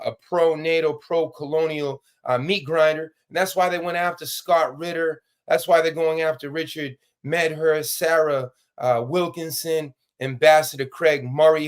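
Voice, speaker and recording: Urgent, fairly high-voiced male guest. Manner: urgent and rallying, with many fillers and repeats. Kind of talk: impassioned political talk.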